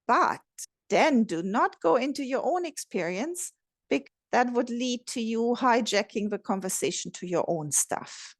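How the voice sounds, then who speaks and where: A woman relationship coach giving a gentle, measured instructional talk. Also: on the high side, expressive, no echo, studio quality. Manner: gentle, measured, modelling empathetic phrases.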